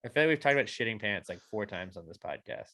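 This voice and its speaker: A man's voice: fairly low pitch, expressive, fast, gravelly, fairly bright tone. Rambling, self-deprecating man co-hosting. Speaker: podcast co-host. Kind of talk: casual chat.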